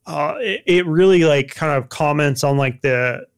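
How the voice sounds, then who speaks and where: A man's voice: a little high, unhurried, smooth. A young man chatting casually about films, rambling with lots of fillers and restarts.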